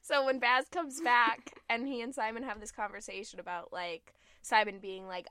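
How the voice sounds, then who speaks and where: A woman talking about a book in casual podcast chat, animated and quick to laugh. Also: a little high, no echo. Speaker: podcast co-host discussing a book.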